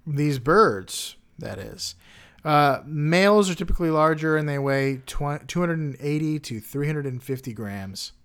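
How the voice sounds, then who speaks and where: A man's voice: fairly high pitch, expressive, measured pace, a bit bright, clean tone. A man co-hosting a casual podcast, telling stories loosely with lots of "like" fillers and dry puns while running a quiz. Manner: loose storytelling with many "like" fillers, dry wordplay. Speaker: podcast co-host presenting facts and quiz. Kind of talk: casual chat.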